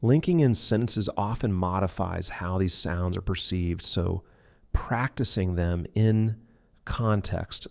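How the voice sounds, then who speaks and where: A man teaching English pronunciation in a scripted lesson, slowly modeling example words one by one. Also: sits low, gravelly, a little mellow, no echo.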